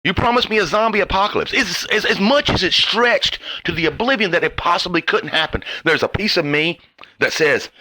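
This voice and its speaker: A man on a profane, sarcastic tirade, his bright, tense voice swinging widely in pitch as he mutters low, then jumps into mocking high outbursts. The sound is close and dry, with no room around it. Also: sing-song, fairly quick, no room sound. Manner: sarcastic, swears constantly, mocks mimicking voices; bursts from low mutters to sudden high shouts. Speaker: vlogger ranting to viewers. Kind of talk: angry profane rant.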